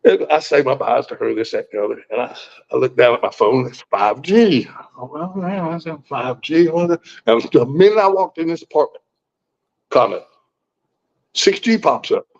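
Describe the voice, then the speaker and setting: A man's voice: medium pitch, lively intonation, moderate pace, vocal fry. A man in his sixties telling a personal story in a folksy, blunt way, swearing freely and often restarting his sentences. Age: 60s. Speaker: guest. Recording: muffled lo-fi recording.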